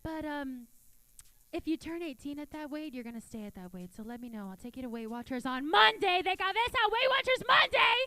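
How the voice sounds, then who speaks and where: A woman doing her loud, brash middle-aged Cuban mother on a theater stage, with no control over her volume. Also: sits high, very animated, brisk, dry recording, exaggerated voice. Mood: scolding.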